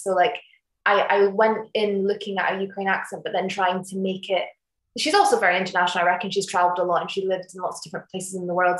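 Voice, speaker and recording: A young woman actress chatting casually in an interview, rambling with restarts and fillers over a video call. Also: fairly low pitch. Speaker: actress interviewed about her series. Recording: echoey room.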